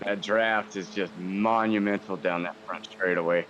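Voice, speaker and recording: A man co-commentating a sim race, calmly explaining drafts, braking and racing lines. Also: deep voice, moderate pace, highs cut off.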